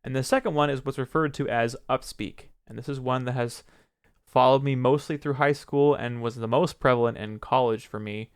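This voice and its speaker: A young man, a streamer, talking casually to camera and giving advice. He is reflective, pauses often to choose his words, and is self-critical about how he speaks. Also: medium pitch, fairly even intonation, smooth. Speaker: streamer and video creator.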